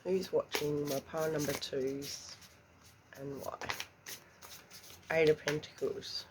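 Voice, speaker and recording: A woman giving a slow, hushed tarot reading, emotional and often close to a whisper. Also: sits low, level tone, noisy background. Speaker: tarot reader.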